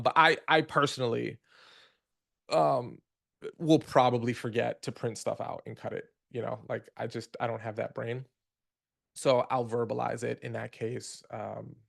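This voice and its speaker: A man's voice: mid-range voice, creaky. A man hosting a webinar Q&A, explaining features in a casual, conversational way and walking through the steps one by one. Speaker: host of a product Q&A webinar.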